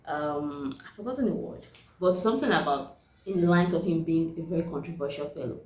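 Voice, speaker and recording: A woman's voice: low voice, fairly quick. A young woman, chatting casually and animatedly as she reviews a book on her vlog. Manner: chatty and animated, laughs often. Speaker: book vlogger. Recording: echoey room.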